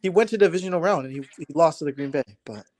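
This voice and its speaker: A man in a casual sports debate, defensive and quick to cut in. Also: a little high, a little mellow, a little hiss or hum. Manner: quick, defensive, keeps interrupting.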